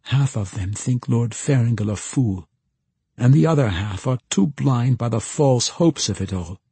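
A man's voice: medium pitch, animated, unhurried, mellow, slightly rough, dry recording, voice pushed up, full character voice. A man voicing a bitter, sarcastic young man who speaks with a lisp. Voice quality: lisping. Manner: sarcastic, mocking.

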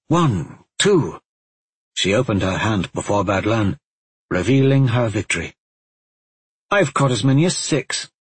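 A man calmly narrating a fantasy story in a steady, even storytelling manner. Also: medium pitch, breathy edge, dry recording. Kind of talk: audiobook narration.

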